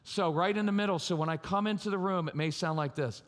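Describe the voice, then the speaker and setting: A man giving a live parenting talk at a conference, animated, acting out parents' voices. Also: sits high, quick pace. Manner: animated, acts out yelling and sweet parent voices. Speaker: parenting speaker. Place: large church hall. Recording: reverberant hall.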